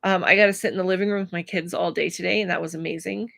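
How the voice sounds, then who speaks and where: Woman vlogger, close dry mic, open and emotional, halting speech with fillers. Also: on the low side, fairly even intonation, gravelly, a bit bright, no room sound. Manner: emotional, searching for words, many pauses and fillers. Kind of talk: personal vlog talking to camera.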